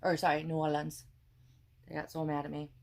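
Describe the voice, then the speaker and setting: In this cooking vlog, a tired, pregnant young woman with a Wisconsin accent rambles from tangent to tangent, occasionally swearing. Her voice is low-pitched, creaky and a little mellow, with a level tone and a fairly quick pace.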